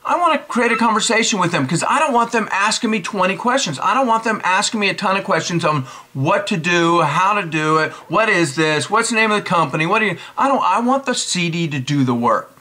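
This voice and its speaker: A man in his forties giving casual sales coaching, brisk and emphatic, repeating his key points. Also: high voice, lively intonation, sharp tone. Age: 40s. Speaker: network marketing coach. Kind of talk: casual instructional talk.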